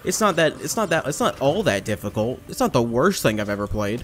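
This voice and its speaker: A young man chatting through a let's play in a loose, rambling way, often poking fun at himself. His pitch and pace sit in a normal middle range. Every so often he bursts out loudly, and a faint hiss runs underneath. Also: lively intonation, fast talker, few pauses. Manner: rambling and self-mocking, with sudden loud outbursts. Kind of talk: casual gameplay commentary.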